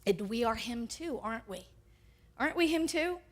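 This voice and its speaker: Animated woman preaching with lively pitch. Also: normal speed. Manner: animated, acts out quoted characters. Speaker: pastor. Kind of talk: sermon.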